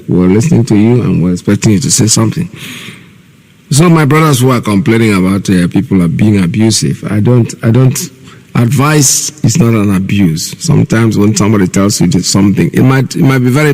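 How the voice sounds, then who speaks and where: Nigerian male radio host, middle-aged, low gravelly voice, earnest and repetitive. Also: darkish tone. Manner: earnest, explaining at length with repeated phrases. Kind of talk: call-in radio talk.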